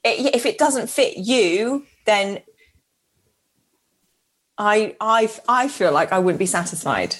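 A woman's voice: mid-range voice, expressive, slow pace, long pauses, breathy edge. A woman co-hosting a podcast, giving dating advice bluntly and swearing freely in casual chat.

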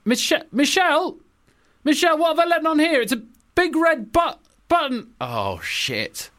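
Comedy bit: man playing a panicky president, voice shooting up high. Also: sing-song, normal speed, a bit bright, heavily acted. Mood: panicked. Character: flustered male American president.

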